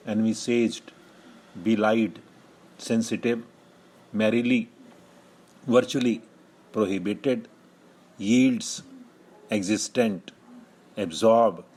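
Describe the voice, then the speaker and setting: A man reads a dictation list one word at a time, leaving measured pauses between words. His voice is husky and sits on the low side. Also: darkish tone, poor audio. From India. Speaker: shorthand teacher.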